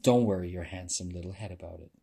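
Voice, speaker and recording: A man reading aloud, voicing a sharp-tongued drag queen with a dry, teasing manner. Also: sits low, fast, creaky, husky, heavily acted.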